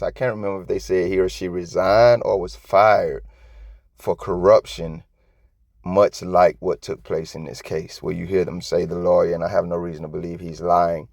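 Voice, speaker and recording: Gravelly man ranting emotionally. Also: low-pitched, dry recording, clean studio sound. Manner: profane, emotional, animated rants. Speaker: commentary channel host. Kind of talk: casual reaction commentary.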